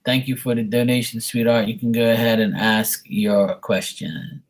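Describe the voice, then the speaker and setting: With a medium-pitched, steady voice at a moderate pace, a live tarot reader chats casually on his stream. He grew up speaking Portuguese at home, and his talk wanders, repeats itself, and includes swearing.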